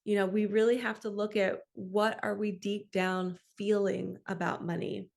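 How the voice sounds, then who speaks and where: A middle-aged woman, a spiritual coach, gives a soft, affirming motivational talk to camera, slowing down for the self-talk phrases. Her voice is medium-pitched and creaky, with a flat delivery.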